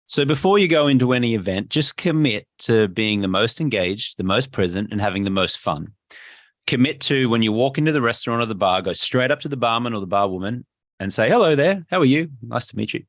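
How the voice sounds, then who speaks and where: Animated Australian man, dry sound. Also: lowish voice, fairly quick, dry recording. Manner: emphatic and animated, acts out little dialogues. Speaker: podcast guest, health coach. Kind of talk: energetic interview talk.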